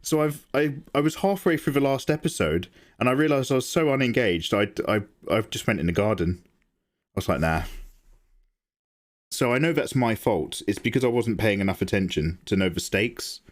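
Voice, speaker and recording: A man hosting a live drawing stream, chatting casually and reacting to viewer messages, laughing often. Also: fairly quick. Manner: chatty, animated, laughs often, jumps to high pitch when excited. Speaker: art livestream host. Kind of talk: casual chat while drawing, reading chat.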